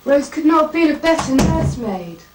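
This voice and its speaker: An actress voices a sincere young woman gently pleading her case. Her voice sits a little high, heard from a distance in an echoey room with faint tape hiss. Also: animated, moderate pace. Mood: earnest. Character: earnest young woman, reassuring. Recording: roomy, distant VHS audio.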